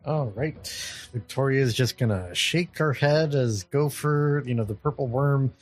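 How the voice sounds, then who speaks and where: A man playing a tabletop game describes his character's moves in third person. His tone is casual and his pitch sits mid-range. He speaks easily, with small fillers. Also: measured pace. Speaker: player.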